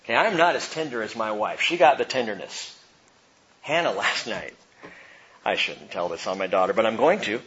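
A middle-aged man preaching a sermon, telling stories with swings from hushed to loud. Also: on the low side, animated, normal speed, muffled recording, a little hiss or hum. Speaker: pastor.

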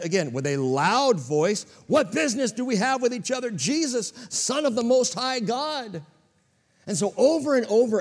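A man's voice: fairly high pitch, a little mellow, breathy edge, big-room sound. A man preaching a sermon as pastor to a church congregation, with dramatic swings in volume.

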